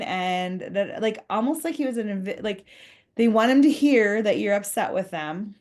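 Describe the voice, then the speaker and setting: A woman's voice: mid-range voice, normal speed, darkish tone. A woman giving a conversational professional development talk to school leaders, earnest, acting out short example dialogues.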